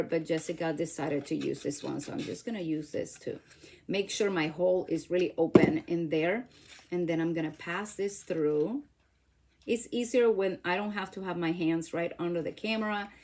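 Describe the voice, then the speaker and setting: A woman's voice: lowish voice, darkish tone. A middle-aged woman hosting a casual crafting demo at home, chatty, laughing at herself and talking to viewers as she works. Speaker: craft channel host.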